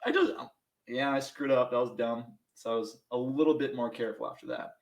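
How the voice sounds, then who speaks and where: Young male podcast guest, casual storyteller, self-mocking, laughs often, middle pitch. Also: a little fast, roomy sound, poor audio. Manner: animated, self-mocking, laughs through stories.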